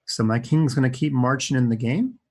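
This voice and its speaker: A man's voice: medium pitch, fairly quick, darkish tone. A man commentating his own chess games live for kids, chatty and upbeat, thinking aloud as he plays. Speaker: chess coach and streamer.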